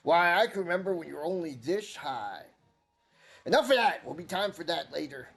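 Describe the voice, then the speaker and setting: A gruff old cat-folk chieftain's elder from a fantasy game, blustering and proud, his husky voice jumping around in lively swings as a man puts him on. He huffs and puffs, too old for the road but quick to bristle. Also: a little high, full character voice. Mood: reminiscing. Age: older.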